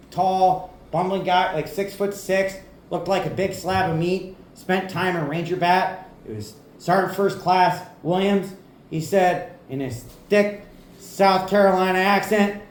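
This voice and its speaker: Profane stand-up comic in an echoey club. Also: male voice, high-pitched, unhurried. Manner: conversational, profane, keeps asking "right?". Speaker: stand-up comedian. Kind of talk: stand-up set. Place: comedy club.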